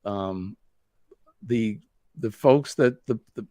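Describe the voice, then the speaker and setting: A man's voice: on the low side, slow, mellow, dry recording, clean studio sound. A man from New England with a Boston accent, hosting a live stream, chatting in a rambling way and answering viewer comments. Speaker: host.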